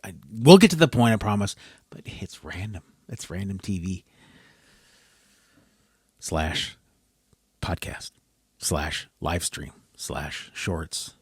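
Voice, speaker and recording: A man's voice: low voice, expressive, takes it slowly, long pauses, slightly rough, no room sound. A man hosting a solo podcast, rambling and frustrated, often breaking off mid-sentence. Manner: frustrated, rambling, self-interrupting. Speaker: podcast host.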